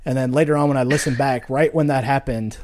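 A man in casual chat, telling ghost stories in a relaxed way with many fillers. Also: mid-range voice, fast talker. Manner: relaxed storytelling with frequent fillers.

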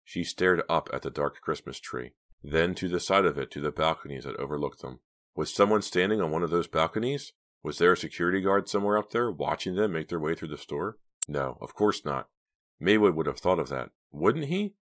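A man narrating a novel as an audiobook, in a measured, hushed storytelling manner. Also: very deep voice. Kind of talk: scripted narration.

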